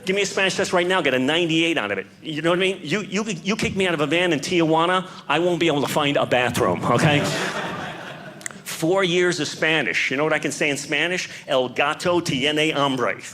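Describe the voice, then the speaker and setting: A man's voice: on the high side, a little fast, bright, forceful tone. A male stand-up comedian working a live crowd, chatting and asking the audience questions. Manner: conversational, asks the crowd questions. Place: comedy club stage. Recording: live club recording with crowd noise. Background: audience laughter.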